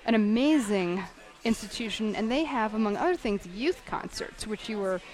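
A woman hosting a radio show, giving short affirmations and smooth guest introductions. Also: mid-range voice, expressive, moderate pace, a little mellow. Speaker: radio host.

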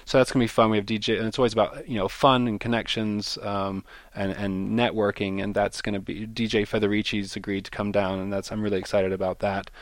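A man's voice: on the low side, flat delivery, fairly quick, few pauses, no room sound. A man speaking as a festival organizer in a radio interview, enthusiastic and often repeating words as he searches for them. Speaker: film festival organizer, guest.

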